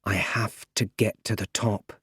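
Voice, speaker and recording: A man's voice: fairly low pitch, fairly even intonation, measured pace, fairly bright tone, breathy edge, no room sound, studio quality, exaggerated voice. A man reading a weary, uncertain young man. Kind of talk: audiobook character reading.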